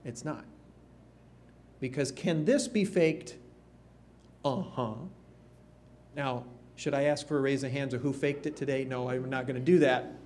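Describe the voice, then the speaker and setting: A man preaching a sermon, slow and emphatic, with rising questions to the congregation. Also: mid-range voice, a little mellow, slight background noise.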